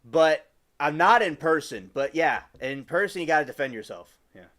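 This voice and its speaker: A man's voice: a little high, expressive, moderate pace, fairly bright tone. Rambling young man chatting to his stream. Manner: rambling and chatty, with many restarts; addresses chat viewers by name. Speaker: live streamer. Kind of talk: casual live-stream chat with viewers.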